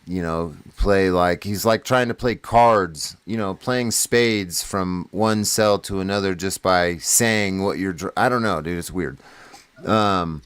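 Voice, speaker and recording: A man's voice: low-pitched, normal speed, clear, resonant tone, no room sound. A man casually telling a rambling, profane prison story in a podcast chat, laughing at his own tale.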